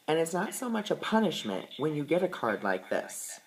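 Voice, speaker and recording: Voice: medium pitch, lively intonation, fairly quick, a bit bright, low-quality recording. A person explaining oracle and tarot cards in a casual, earnest, reassuring way, often repeating words for emphasis. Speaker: tarot and oracle card reader. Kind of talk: casual explanatory talk to camera.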